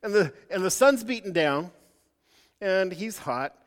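A man preaching a sermon, telling a story in a halting way with many restarts. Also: high-pitched, expressive, big-room sound.

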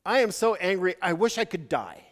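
Sulky prophet, whiny and put-upon, a preacher doing it, reverb trailing off the walls. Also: male voice, sits high, sing-song, normal speed. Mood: sulking. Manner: whiny, complaining. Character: sulking angry male prophet.

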